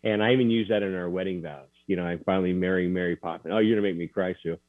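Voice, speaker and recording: A man recounting a personal story as an interview guest, earnest and halting, with many restarts. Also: low voice, steady tone, dry recording. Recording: tinny dry phone line.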